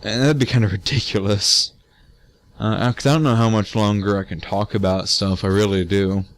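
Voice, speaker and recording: A man's voice: lowish voice, fairly even intonation, normal speed, no echo. A teenage man giving casual gameplay commentary, tired, rambling with many fillers and restarts and casual swearing. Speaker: let's play gamer.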